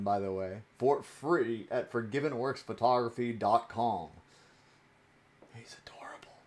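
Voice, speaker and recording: A man's voice: medium pitch, darkish tone. A young man chatting casually on a stream while opening trading cards, rambling and playful and laughing often.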